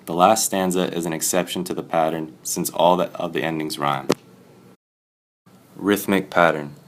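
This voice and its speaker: A man reading a poem aloud and then presenting a poetry analysis for class in a plain, steady way. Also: low voice, moderate pace.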